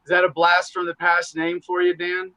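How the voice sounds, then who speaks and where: A man in casual podcast conversation, talking in animated, profane, rambling asides. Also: sits high, moderate pace, no echo, low-quality recording. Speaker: podcast guest, show host.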